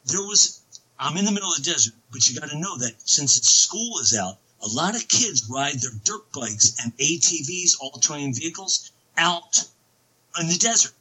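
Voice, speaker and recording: Man, excitable storyteller, rambling, very bright edgy tone, husky. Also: a little high, normal speed, poor audio. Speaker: interview guest. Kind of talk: casual storytelling on a podcast.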